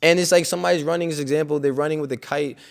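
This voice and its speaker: A man's voice: fairly high pitch, fairly even intonation, very fast, creaky. A man speaking at a scripture class in a loose, conversational way, full of "like" and "you know", with emphatic, outspoken conviction. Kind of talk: informal religious talk.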